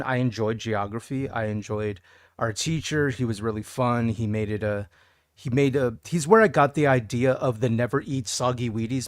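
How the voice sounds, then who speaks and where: A man's voice: mid-range voice, no echo, clean studio sound. Chatty rambling man streaming a game. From Texas. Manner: rambling, chatty, reads chat aloud. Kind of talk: casual live-stream chat.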